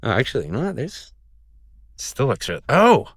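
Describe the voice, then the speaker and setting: A man's voice: mid-range voice, wildly swooping pitch, fairly quick, slightly rough. A man vlogging outdoors on a mountain summit, talking casually into a handheld camera, rambling and joking in awe of the view. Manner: awestruck, rambling, jokey. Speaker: travel vlogger. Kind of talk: casual vlog narration.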